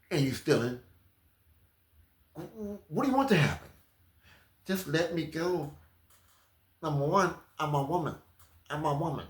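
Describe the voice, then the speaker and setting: Preacher guy, lively sing-song delivery, kinda high, echoey room. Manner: animated, storytelling, Southern-Black vernacular grammar. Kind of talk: comedic sermon.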